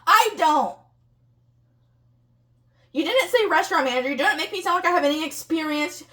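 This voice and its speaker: A woman's voice: high voice, lively intonation, moderate pace, pushed and bright, distant mic. A young woman in a heated argument, agitated and close to tears, swearing as she rants. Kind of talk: heated argument filmed on a phone.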